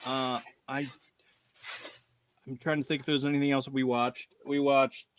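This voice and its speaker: A man's voice: medium pitch, little pitch movement, normal speed, clean tone. A man co-hosting a podcast in casual chat, rambling along, laughing often and acting out lines he quotes. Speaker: podcast co-host.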